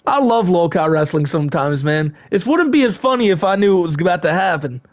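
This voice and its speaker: A man with a fairly high voice rambles through a casual live stream, reading and answering chat. He swears freely and laughs often. The sound is dry and close. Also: expressive, fairly quick, few pauses, no echo.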